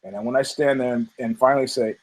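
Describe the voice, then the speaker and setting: A man hosting a podcast, telling a story in a casual, profane, animated way and acting out the people in it. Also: medium pitch, quick pace, poor audio. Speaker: podcast host.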